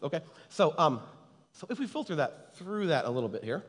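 A man's voice: on the high side, sing-song, a little fast. A man preaching a conversational sermon to a live audience, chatty and teasing, always checking in with his listeners. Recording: long hall reverb.

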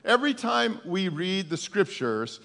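A man's voice: high voice, very animated, measured pace, creaky, a bit bright. A male pastor giving a conversational, emphatic sermon in a folksy way, often stumbling and repeating words, recorded in a church with a long reverb.

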